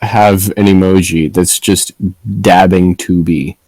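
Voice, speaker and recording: A man chatting casually with fellow tabletop game players, playful and quick to laugh. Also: deep voice, steady tone, darkish tone, no room sound, rough recording. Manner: giggly, playful. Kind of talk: casual chat.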